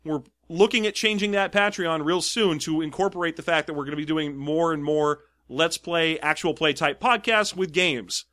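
A man's voice: on the high side, normal speed, few pauses, bright, forceful tone, no room sound, studio quality. A man co-hosting a comedy podcast, chatting playfully and reading a listener's story aloud with mock gravity. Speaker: podcast co-host.

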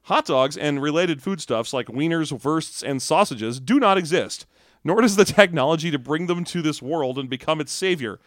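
A man's voice: on the high side, lively intonation, moderate pace, no echo, clean studio sound. A man co-hosting a comedy podcast, joking and laughing often as he reads listener questions. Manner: jokey, laughs often, slips into silly voices. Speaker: podcast co-host. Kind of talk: casual comedic chat.

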